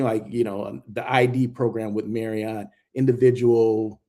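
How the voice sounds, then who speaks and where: A man giving a casual walking vlog tour of a hotel, chatty and excitable, filling his talk with asides and "right?" tags. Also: medium pitch. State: out of breath while walking. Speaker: hotel industry vlogger. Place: hotel grounds, indoors and out.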